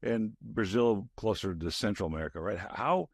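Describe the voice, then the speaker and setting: An older man hosting a podcast from a studio, rambling chattily with fillers and trailing into lower murmurs. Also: animated, moderate pace, no room sound. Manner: rambling with fillers, drops to a low mutter. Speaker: podcast host. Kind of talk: casual interview chat.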